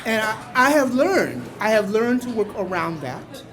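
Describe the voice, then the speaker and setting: An older man from Mexico telling a story on stage to a live audience, playful and wry, now and then bursting into loud exclamations. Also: high-pitched, very animated, moderate pace, a crowd in the background. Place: small bar venue before a live audience.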